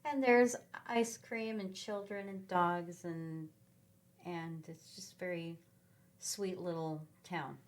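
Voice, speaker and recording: A middle-aged woman from Sacramento, a podcast guest, telling rambling, animated travel stories in a casual chat with lots of ums. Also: on the low side, takes it slowly. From Sacramento, California. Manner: rambling, animated travel anecdotes with many fillers. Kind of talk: casual conversational storytelling.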